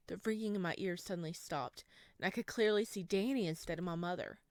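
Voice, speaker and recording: A woman reading a visual novel aloud, narrating and reacting out loud between lines. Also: fairly low pitch, a little fast, dry recording, studio quality.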